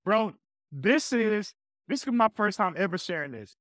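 A man guesting on a podcast, telling a personal faith story with an energetic, preacher-like delivery. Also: high voice, moderate pace, no room sound, clean studio sound. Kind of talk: casual faith talk.

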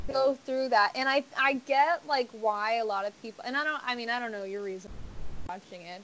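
A woman's voice: on the high side, fairly bright tone, a little hiss or hum, low-quality recording. Bubbly young woman gushing in chat. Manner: bubbly, gushing, many "like" fillers. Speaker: podcast guest. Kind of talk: casual chat.

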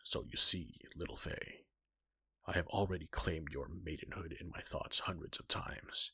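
A man voicing a stern, gruff older warrior god in a fan-fiction reading, with a low, half-whispered delivery. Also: steady tone, a little slow, sharp tone, dry recording, studio quality, full character voice. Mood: brooding.

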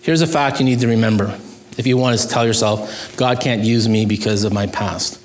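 A man's voice: lowish voice, moderate pace, slight background noise. A male pastor preaching a sermon in an earnest, pleading manner, his voice rising when he stresses a point.

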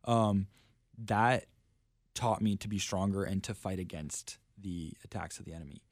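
A young man with a low, deep voice tells a personal story on a faith podcast. He is earnest and casual, peppering his speech with "like" and "literally". The recording is dry and close. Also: normal speed, dry recording. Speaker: guest, traveling preacher.

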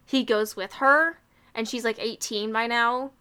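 A young woman chatting casually as a co-host, animated and full of fillers. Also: a little high, a little slow. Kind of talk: casual chat.

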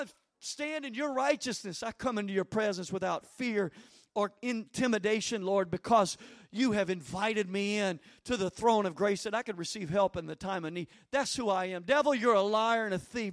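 A man's voice: sits high, no room sound, studio quality. A man preaching a sermon, moving from teaching into fervent, rising prayer.

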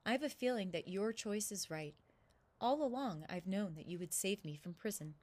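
A woman's voice: mid-range voice, lively intonation, moderate pace, lightly acted. A woman voicing a kindly, hopeful old man who tells stories, speaking with patient reassurance. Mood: gentle. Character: kindly old male storyteller, hopeful and gentle.

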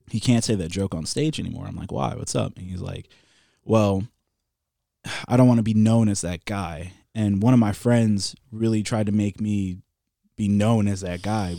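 A man's voice: lowish voice, dark tone, no echo, clean studio sound. A man casually telling a long story on a podcast, swearing and laughing along as he goes. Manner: laid-back storyteller, swears, laughs at his own stories. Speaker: podcast co-host.

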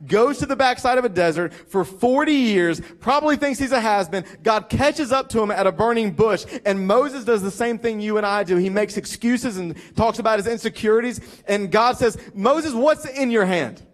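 A man's voice: high voice, normal speed, hardly any pauses. A man with a Southern US accent, a pastor preaching a sermon in a conversational storytelling way with self-deprecating asides. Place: church.

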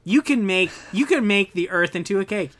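A young man in casual podcast chat, animated and ranting, swearing freely as he rants. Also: high voice, a little fast. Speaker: podcast co-host.

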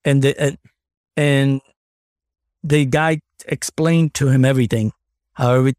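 Guy on a podcast rambling thru a story, mid-pitched, dry close sound, lots of restarts. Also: fairly even intonation, measured pace, darkish tone, dry recording. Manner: rambling, many restarts, swears freely. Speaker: podcast co-host. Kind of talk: casual storytelling chat.

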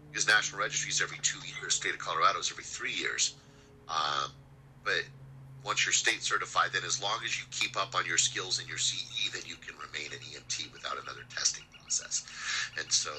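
Low-voiced man teaching an EMT class. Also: sharp tone, a little hiss or hum, poor audio. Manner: chatty, asks the class questions. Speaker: EMT instructor.

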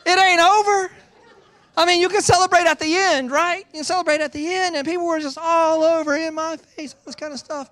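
A man's voice: extremely high pitch, quick pace, few pauses, no echo. A man preaching a sermon in a church, telling stories with playful teasing. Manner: animated storytelling with playful teasing. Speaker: pastor.

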